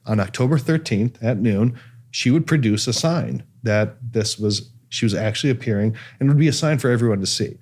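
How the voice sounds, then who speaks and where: A man's voice: on the low side, a little mellow. A man from Cleveland hosting a casual talk show, telling a story with lots of fillers and restarts. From Cleveland, USA. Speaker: podcast host. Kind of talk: casual chat.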